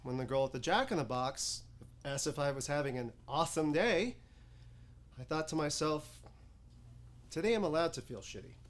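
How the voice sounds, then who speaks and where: A man's voice: on the high side, expressive, moderate pace, long pauses, lightly acted. An actor performing a stage comedy monologue as a weary, sardonic man telling about his day in a dry way. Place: acting studio stage before an audience.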